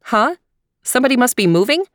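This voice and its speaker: A woman voicing a practical, skeptical mother in a storybook, slightly raised in pitch. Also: sing-song, a little fast, dry recording, studio quality. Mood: doubtful. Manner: skeptical, exasperated. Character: practical, doubtful mom.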